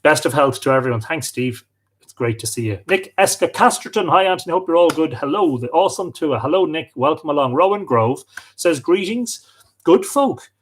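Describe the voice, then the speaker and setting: A man's voice: fairly high pitch, expressive, normal speed. A man hosting a live stream, chatting and greeting viewers as he reads out their comments. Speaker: host.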